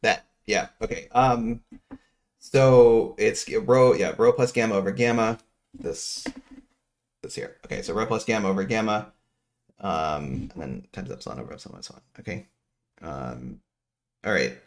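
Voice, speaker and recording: Middle-aged guy lecturing econ, low voice, rambles, cuts himself off a lot, mutters asides. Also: normal speed, pauses often. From New Jersey. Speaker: economics lecturer. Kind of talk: casual lecture, working through equations.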